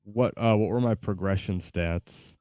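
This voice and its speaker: A man's voice: lowish voice, measured pace, mellow, dry recording, clean studio sound. A man streaming a game, chatting casually in a rambling, hesitant way with many fillers. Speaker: gaming streamer. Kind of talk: casual live-stream chat. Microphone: desk mic with webcam.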